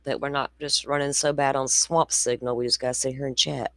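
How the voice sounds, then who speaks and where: A woman's voice: a bass voice, little pitch movement, brisk, a bit bright, dry recording. Woman, 40s, true crime host, casual commentary, blunt, rambling, dry sound. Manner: chatty, blunt, rambling asides.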